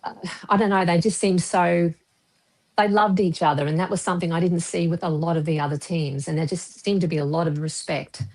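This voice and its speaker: A woman's voice: lowish voice, fairly even intonation, brisk, darkish tone. Chatty Australian woman calling in. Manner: friendly, chatty with small restarts. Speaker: caller. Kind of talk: casual call-in chat.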